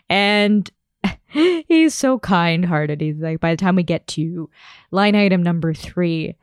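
A woman's voice: lowish voice, a little slow, clean tone, no echo, studio quality. Chatty woman telling a travel story. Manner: chatty, animated, laughs often while telling a story. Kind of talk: casual storytelling vlog.

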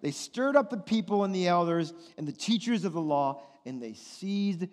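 A man preaching a sermon, animated and conversational, often putting questions to his listeners. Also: sits high, normal speed, in a large hall. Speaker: pastor.

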